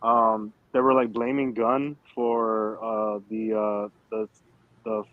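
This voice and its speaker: A man's voice: fairly low pitch, flat delivery, slow, phone-quality sound. A man hosting a casual livestream chat, rambling and swearing with lots of fillers, talking over an online call. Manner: rambling, profane, with frequent fillers. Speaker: show host.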